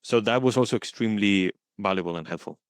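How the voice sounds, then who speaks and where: A man speaking as the guest in an interview, earnest and thoughtful, often pausing to search for his words. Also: lowish voice, no room sound, studio quality. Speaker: guest coaching supervisor. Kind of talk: reflective interview talk.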